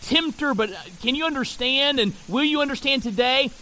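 A man preaching a sermon in a strikingly high voice. His tone is bright and forceful. He reads scripture passages and slows down to stress single words. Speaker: pastor.

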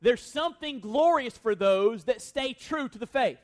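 A man with a strikingly high-pitched voice leads a sermon as pastor. He speaks with earnest emphasis and keeps turning his points into rhetorical questions for his listeners. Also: expressive, normal speed. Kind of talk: expository sermon.

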